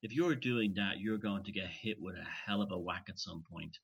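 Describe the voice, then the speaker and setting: A low-voiced man with a husky tone speaks in a casual conversation. His sound is dull and muffled, and he talks earnestly, often breaking off and starting his sentences again. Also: normal speed. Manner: earnest and searching, trailing off into restarts. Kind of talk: casual chat.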